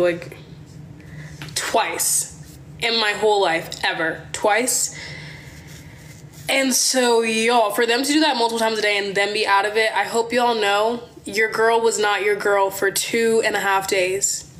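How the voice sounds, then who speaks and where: A young woman from Maryland telling a wild story on her phone livestream, chatty and animated, swearing and calling her viewers y'all. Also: medium pitch, a little hiss or hum. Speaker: livestream host.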